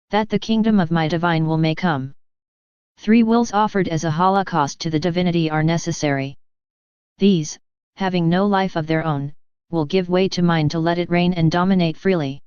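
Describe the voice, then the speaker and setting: Smooth, low-voiced woman reading devotionally. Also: a little mellow, no room sound. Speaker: reader. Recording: dry, slightly dull lo-fi.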